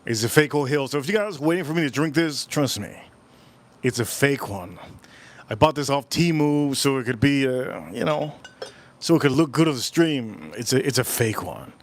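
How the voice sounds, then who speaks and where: A man's voice: mid-range voice, lively intonation, moderate pace. A man hosting a casual livestream, rambling and repeating his phrases as he chats with viewers at home. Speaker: livestream host.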